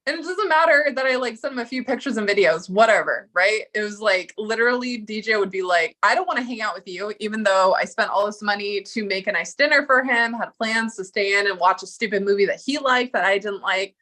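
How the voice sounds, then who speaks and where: A woman's voice: mid-range voice, fairly quick, hardly any pauses, bright, forceful tone. A woman giving a casual confessional monologue, emotional and profane, acting out the lines of the people she quotes. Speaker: storyteller recounting a breakup.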